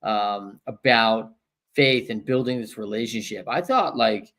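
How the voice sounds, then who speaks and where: A man's voice: lowish voice, unhurried, a bit bright. A man hosting a podcast, talking loosely with lots of fillers. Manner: loose, filler-heavy talk. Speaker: podcast host, coach. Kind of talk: casual conversation.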